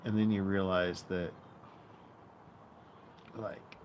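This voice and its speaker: Male streamer host, lowish voice, loose rambling profane chatter, outdoor noise behind. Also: level tone, slow, dull audio. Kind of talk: casual live-stream chat. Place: outdoor patio.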